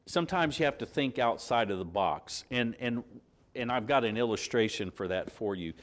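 A man preaching a conversational sermon, halting and circling back mid-sentence, often putting rhetorical questions to his listeners. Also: mid-range voice, expressive.

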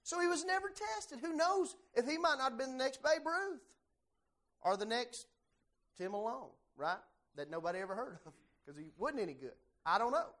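A man teaching a church Bible class, animated and putting questions straight to the class. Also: very high-pitched, normal speed.

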